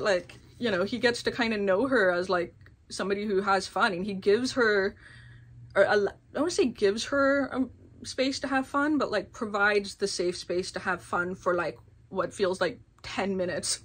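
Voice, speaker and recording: A woman giving a casual, rambling book review, full of filler words and quick laughs. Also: mid-range voice, fairly bright tone. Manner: chatty, rambling, many filler "like"s, laughs often.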